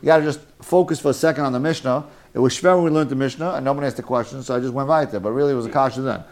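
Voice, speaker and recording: A man teaching a lively Talmud class, mixing Hebrew and Yiddish terms and joking with his students. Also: mid-range voice, racing.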